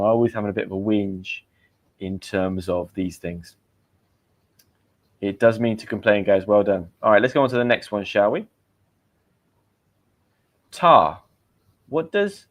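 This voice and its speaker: A man with a British accent hosting a live vocabulary lesson, quizzing viewers and reading out their comments in a chatty way. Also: lowish voice. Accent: British English. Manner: chatty, asks viewers quiz questions and reads out their comments. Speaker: English teacher and livestream host.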